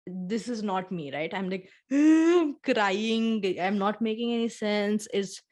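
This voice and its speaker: A woman's voice: medium pitch, steady tone, unhurried. A woman co-hosting a casual heart-to-heart conversation, talking in an earnest, reflective way and vividly retelling her own feelings. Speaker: podcast co-host.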